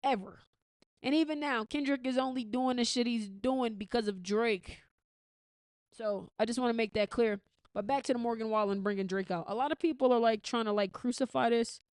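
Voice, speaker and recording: A woman's voice: a little high, normal speed, a little mellow, clear, resonant tone, no room sound. An American woman hosting a podcast, giving blunt, profane commentary in a casual, opinionated way with frequent restarts. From United States. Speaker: podcast host.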